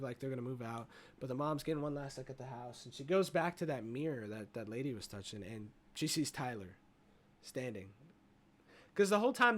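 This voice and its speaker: A man casually retelling a movie plot in a rambling review, swearing freely and leaning on fillers. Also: medium pitch. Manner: rambling, profane, full of fillers like "you know".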